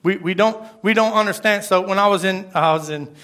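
A man's voice: high voice, a little fast, pushed and bright. A man preaching a sermon, emphatic and repeating his phrases. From Florida. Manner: emphatic, repeats phrases, asks the crowd "right?". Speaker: pastor.

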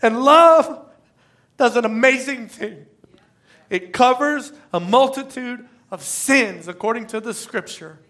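A man's voice: extremely high pitch, a little slow, a bit bright. A middle-aged man preaching an earnest, emotional sermon with scripture readings. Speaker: pastor.

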